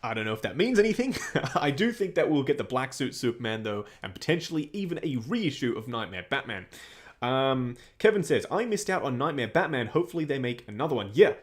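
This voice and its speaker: Hosting a relaxed livestream, this young Australian guy speaks in a fairly high, very animated voice at a brisk clip. He reads out questions from chat and responds conversationally.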